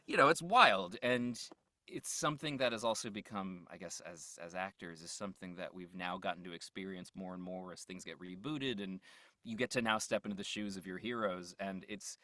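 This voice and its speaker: A man's voice: low voice, normal speed, pushed and bright, no echo, studio quality. A man, a voice actor, talking as an interview guest in a loose, rambling way, laughing often and trailing off mid-thought. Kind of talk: casual interview chat.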